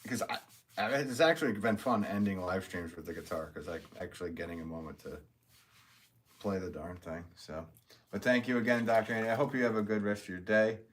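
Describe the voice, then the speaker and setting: A man with a notably low voice hosts a casual live stream and reads viewer comments aloud. He is upbeat and chatty, laughs often and thanks people warmly. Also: brisk. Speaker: potter hosting a live stream.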